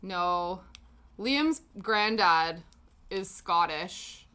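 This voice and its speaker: Bright-voiced woman streamer chatting. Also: on the low side, animated, extremely slow, smooth. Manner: chatty and rambling, answering chat with frequent laughs. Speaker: live-stream host. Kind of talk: casual chat while knitting on stream.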